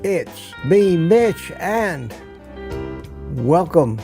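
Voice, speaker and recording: A man's voice: high voice, sing-song, extremely slow, mellow, soft background music. An older man hosting a casual morning livestream, musing and rambling, a bit out of breath, with sighs and restarts. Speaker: livestream host.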